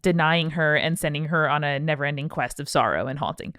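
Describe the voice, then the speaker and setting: A woman's voice: deep voice, fairly quick, fairly bright tone, no room sound, studio quality. A woman co-hosting a podcast, speaking in an outspoken, indignant, irreverent way. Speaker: podcast host. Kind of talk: casual podcast chat.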